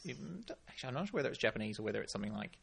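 A man's voice: lowish voice, very fast, creaky, fairly bright tone, a little hiss or hum. A man co-hosting a podcast in casual chat, talking about doing accents and now and then slipping into playful impressions. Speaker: podcast co-host.

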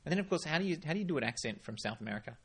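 A man's voice: fairly high pitch, animated, rapid-fire, fairly bright tone, husky. A man co-hosting a podcast in casual chat, talking about doing accents and now and then slipping into playful impressions. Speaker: podcast co-host.

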